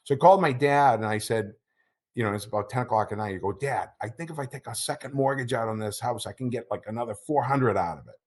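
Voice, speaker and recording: A middle-aged man telling a personal story as an interview guest, halting and repeating words, his voice choking up with emotion. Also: medium pitch, expressive.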